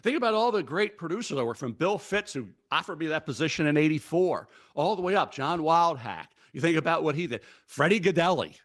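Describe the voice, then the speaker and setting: A man in his sixties with a Baltimore accent talks with a slightly raised pitch. He speaks as an interview guest, effusive and fast, piling up names of old colleagues one after another. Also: lively intonation. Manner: effusive, rapid, tumbling lists of names. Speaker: guest draft analyst. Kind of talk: casual interview chat.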